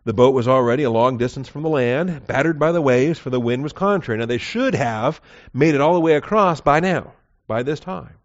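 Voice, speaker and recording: A man's voice: medium pitch, fairly quick. A man teaching verse by verse through a Bible passage, conversational and digressive, correcting himself as he goes. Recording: dull lo-fi recording.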